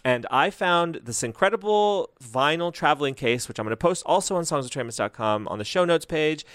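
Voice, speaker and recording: A man co-hosting a podcast in casual chat, excitable and gushing, laughing often. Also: on the high side, fairly quick, no echo, studio quality. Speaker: podcast co-host.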